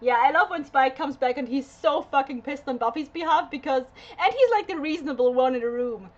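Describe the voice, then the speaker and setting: High-voiced woman hosting a reaction video, emphatic and profane, on a dull lo-fi mic. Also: expressive, brisk, faint music behind. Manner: emphatic, swearing, lots of fillers. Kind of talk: casual rant.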